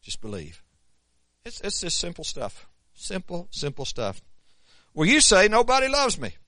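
A man preaching a sermon in a folksy way, swinging from emphatic peaks to soft asides. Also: on the high side, sing-song, unhurried, dry recording.

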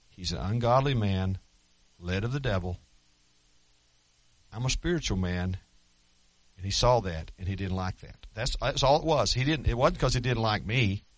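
A man's voice: on the low side, no echo. A middle-aged man preaching a sermon as pastor, telling stories earnestly with self-deprecating humor.

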